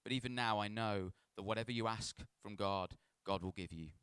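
A man's voice: lowish voice, normal speed, fairly bright tone, clear, resonant tone, no echo. A man, a pastor, reads a Bible passage aloud and then preaches in a chatty, self-deprecating storytelling way. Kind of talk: scripture reading and sermon.

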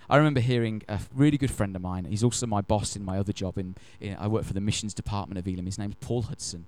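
A man preaching a sermon. He tells stories in an animated, emphatic way and slows down to stress key phrases. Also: fairly low pitch, no room sound. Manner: animated, emphatic storyteller who acts out quotes. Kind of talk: sermon with storytelling.

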